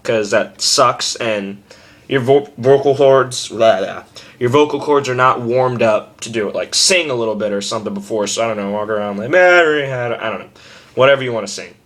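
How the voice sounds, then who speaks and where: A young man giving a casual, rambling tutorial on screaming, self-deprecating and loose, with sudden loud scream demos. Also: lowish voice, brisk.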